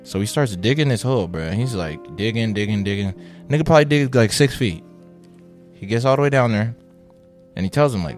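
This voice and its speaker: A young man co-hosting a casual podcast, telling a story in slangy, animated talk and acting out quotes. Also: on the low side, a little fast, faint music behind. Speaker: podcast co-host.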